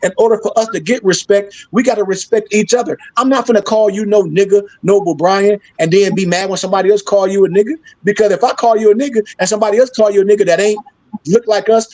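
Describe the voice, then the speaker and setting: Host, male, blunt sarcastic preacher, high voice, dry sound. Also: fairly even intonation, quick pace, darkish tone, dry recording, low-quality recording. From Michigan, US. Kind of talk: heated discussion.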